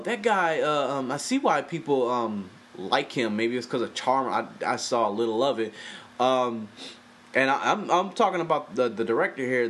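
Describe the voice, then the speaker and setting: A man's voice: fairly high pitch, slightly rough. Cursing, fed-up male film reviewer. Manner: profane, exasperated, animated. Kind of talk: casual ranting review.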